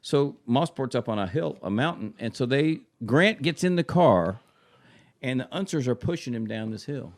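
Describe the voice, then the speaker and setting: A man's voice: medium pitch, vocal fry. A man telling a racing story in a casual studio chat, acting out the people he quotes. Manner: lively, acts out the people he quotes.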